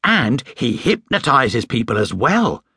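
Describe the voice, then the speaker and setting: A man voicing an excitable, cheeky schoolboy. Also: medium pitch, a little slow, breathy edge, no room sound, studio quality, exaggerated voice. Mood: eager. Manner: eager, cheeky.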